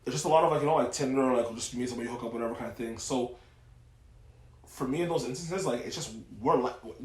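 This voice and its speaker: Fast, profane young man chatting. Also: mid-range voice. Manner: profane, rambling, lots of "like". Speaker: podcast co-host. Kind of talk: casual podcast chat. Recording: echoey room.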